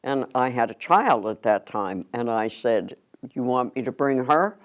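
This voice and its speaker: An older man reminisces at a very slow, unhurried pace. His voice is smooth and clear, and he reflects on his memories calmly. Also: medium pitch. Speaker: interviewee. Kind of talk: reflective storytelling.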